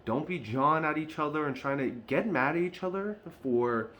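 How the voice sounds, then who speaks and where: A man's voice: on the high side, normal speed, a bit bright, a little hiss or hum. Man, fan vlogger, unscripted rant, frustrated, emphatic, repeats points.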